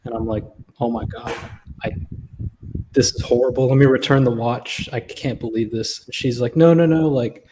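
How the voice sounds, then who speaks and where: Man telling a lively story. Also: medium pitch, normal speed, noisy background. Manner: animated, acts out other people's lines. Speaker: guest. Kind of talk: casual storytelling on a livestream.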